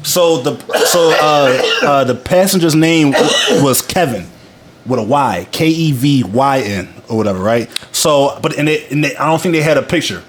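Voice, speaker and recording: A man's voice: mid-range voice, expressive, normal speed, noisy background. Laid-back man hosting a podcast. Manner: laid-back storytelling, laughs often. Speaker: podcast host. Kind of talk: casual podcast chat.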